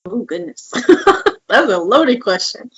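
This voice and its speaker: A woman's voice: fairly high pitch, big pitch swings, slow pace, gravelly, husky, low-quality recording. A woman co-hosting a podcast in casual chat, telling candid, emotional stories. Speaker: podcast co-host.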